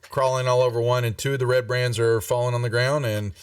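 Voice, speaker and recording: A man's voice: medium pitch, a little fast, clear, resonant tone, dry recording. A man acting as dungeon master in a live tabletop game, talking loosely with many fillers and restarts. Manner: relaxed, rambling, lots of fillers. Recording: distant mic with music behind.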